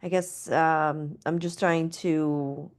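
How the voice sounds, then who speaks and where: A woman's voice: low voice, fairly even intonation, slow. A woman taking part in a workshop, thinking aloud with many fillers and hesitations as she sums up what she heard. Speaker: workshop participant. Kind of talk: hesitant question in a class.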